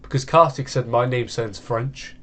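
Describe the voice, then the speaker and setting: A man's voice: medium pitch, moderate pace, fairly bright tone. A man from the United Kingdom giving rambling, casual commentary over a video game at his home computer. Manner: rambling, meandering chat. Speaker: gaming channel host.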